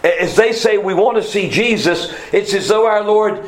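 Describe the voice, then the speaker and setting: A man preaching a sermon, teaching verse by verse with quick asides and self-corrections. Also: high-pitched, reverberant, poor audio. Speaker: pastor. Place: church sanctuary.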